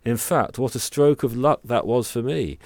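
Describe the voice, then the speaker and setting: A man's voice: mid-range voice, normal speed, darkish tone, no echo, voice pushed up, lightly acted. A man voicing a sly, cheerful farmer who tricks his neighbours with boastful, persuasive tall tales.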